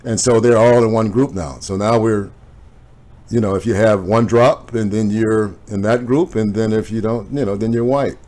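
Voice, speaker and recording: A man on a video call, talking in a reflective, measured way. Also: lowish voice, fairly even intonation, darkish tone. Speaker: family member. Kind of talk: casual family chat.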